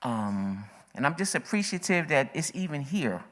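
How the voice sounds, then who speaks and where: A woman with a low voice takes the open mic at a community forum. She is a little out of breath, and her remarks are emphatic and repetitive, pressing hard on the urgency. The long echo of a meeting hall surrounds her. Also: big pitch swings, normal speed, fairly bright tone. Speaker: audience member speaking at a forum. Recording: echoey hall.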